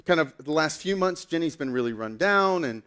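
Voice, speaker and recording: Laid back guy preaching, animated storytelling, bit higher voice, says like a lot. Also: moderate pace, clear, resonant tone. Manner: animated storytelling, casual with many fillers. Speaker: pastor. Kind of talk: sermon.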